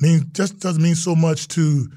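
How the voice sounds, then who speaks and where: A middle-aged former football player tells his stories earnestly in a casual interview, acting out the voices of people he quotes. His voice sits a little high for a man. The sound is close and dry. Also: steady tone, a little slow, dark tone, no room sound.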